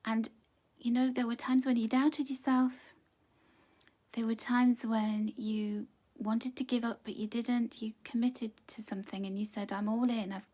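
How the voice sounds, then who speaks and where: Middle-aged female card reader, soft-spoken and encouraging, slightly higher pitch. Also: level tone, a little slow. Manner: gentle, encouraging, chatty, greets viewers by name. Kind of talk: live pick-a-card reading.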